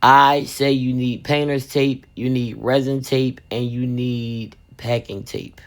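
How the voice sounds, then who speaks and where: A woman resin craft vlogger telling a funny family story and giving supply tips in a lively, chatty way, calling viewers "baby". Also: rumbling low, slow.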